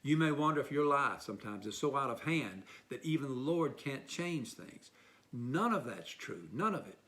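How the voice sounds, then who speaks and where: A male pastor delivers a church sermon in a bright, forceful voice. He tells stories and acts out the quoted speakers, his voice jumping up and dropping low. The delivery is steady and earnest, pitched in the middle for a man. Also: moderate pace. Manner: storytelling, voices quotes with lively pitch swings.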